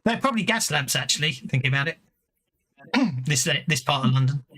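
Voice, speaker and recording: A man's voice: a little high, expressive, brisk, bright, forceful tone. A man running a tabletop game as game master, chatting casually and laughing often.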